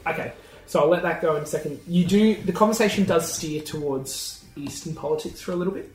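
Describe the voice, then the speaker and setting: A man's voice: on the high side, quick pace. Man game master in an echoey room. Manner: chatty, laughing narration with many ums. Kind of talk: narrating a tabletop game. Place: room shared with players around a table. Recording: echoey room, mic at a distance, faint noise.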